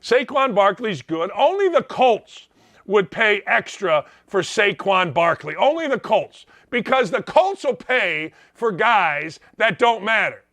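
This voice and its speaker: A middle-aged man hosting a sports show, ranting in a loud, blunt, sarcastic way. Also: high voice, big pitch swings, slow pace, no room sound.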